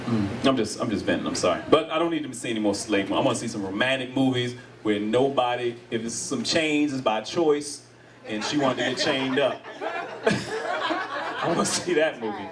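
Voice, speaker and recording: On stage before an audience, this middle-aged comic from the United States works the crowd, laughing a lot, staying animated, and imitating others' voices. He speaks at a moderate pace in a medium pitch, picked up from a distance amid background noise.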